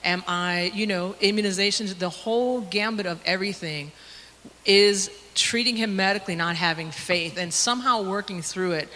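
A woman's voice: on the low side, sharp tone. Emotional woman in a reverberant church. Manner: emotional, halting with many fillers. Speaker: church member sharing a testimony. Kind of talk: personal testimony in a Sunday school class. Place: church classroom. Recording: long hall reverb with faint noise.

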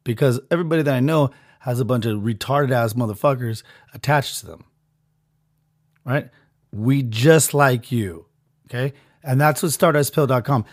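A man hosting a podcast, doing a crude, rambling mock sponsor rant that swings between loud bursts and mutters. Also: mid-range voice, dry recording, clean studio sound. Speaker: podcast host.

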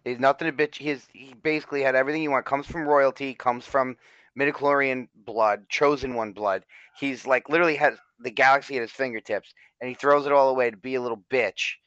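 A man's voice: mid-range voice, fairly even intonation, a little fast, fairly bright tone, no room sound. Blunt, profane man, dry dull recording. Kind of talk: casual chat. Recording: dry, slightly dull lo-fi sound.

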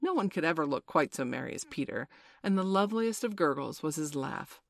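A woman narrating a classic children's story aloud in a gentle, expressive way. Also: low-pitched, fairly quick, creaky.

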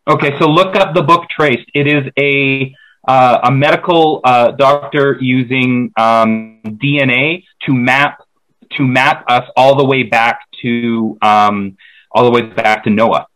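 A man's voice: medium pitch, steady tone, fairly bright tone, poor audio. Eager man full of fillers. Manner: enthusiastic, halting with many fillers. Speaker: podcast panelist. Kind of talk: casual group chat.

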